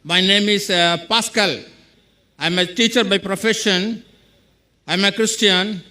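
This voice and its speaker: High, bright-voiced man asking earnestly. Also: measured pace. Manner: earnest, long-winded, cites scripture point by point. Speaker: teacher asking a question from the audience. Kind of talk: audience question at a public lecture. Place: large lecture hall.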